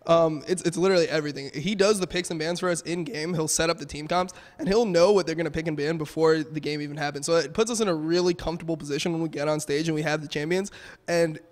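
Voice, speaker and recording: A young man, a pro gamer, talking casually and quickly in a post-match interview, with lots of "um" and "like". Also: fairly high pitch, steady tone, in a large hall. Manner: fast, casual, filler-heavy.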